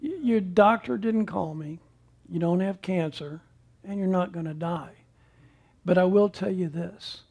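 A gentle, reassuring husband, as a preacher acts him out in his fairly high voice. He sounds soft and tender in a sermon story. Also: a little slow, vocal fry, heavily acted. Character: reformed husband, man, warm and tender.

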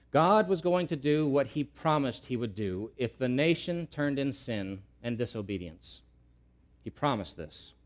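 A man preaching a sermon in an earnest way, repeating key words for emphasis and rising loud when quoting pleas. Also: mid-range voice. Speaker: pastor.

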